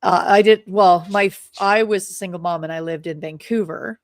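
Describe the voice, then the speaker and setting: A woman co-hosting a podcast, chatting casually with short, relaxed reactions and asides. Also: on the low side, normal speed, dry recording. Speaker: podcast co-host. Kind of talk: casual chat.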